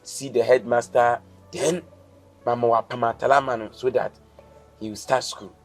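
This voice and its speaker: A man's voice: mid-range voice, fairly even intonation, normal speed, soft background music, close to an everyday voice. A man with a Ghanaian accent playing a bossy, boastful husband and stepfather who repeats himself and slips into Twi. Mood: insistent. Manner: blustery, repeats himself, mixes English and Twi. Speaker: comic actor. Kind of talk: comedy skit acting.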